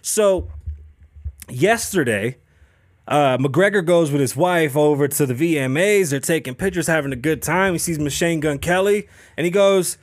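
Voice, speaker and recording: A man's voice: fairly high pitch, moderate pace, dry recording, studio quality. A man hosting a podcast, ranting casually and profanely with lots of swearing. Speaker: podcast host. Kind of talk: casual chat.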